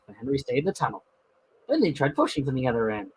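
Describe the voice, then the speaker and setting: A man reading a children's storybook aloud, expressive and lively with small slips. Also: medium pitch, fast talker, breathy edge, no room sound, muffled recording. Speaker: storybook narrator.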